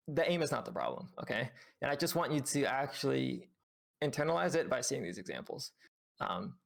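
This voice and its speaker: Male game coach, gravelly voice, patient, explanatory, filler-heavy delivery. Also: mid-range voice. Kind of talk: reviewing gameplay with a student on stream.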